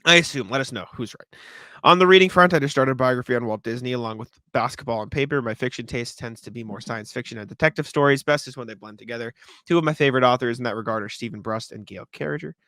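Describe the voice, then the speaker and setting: On a sports podcast, a twentysomething male co-host talks fast and casually in a mid-range, slightly bright voice, laughing a lot as he reads out listener mail. It's studio-quality audio with no room sound.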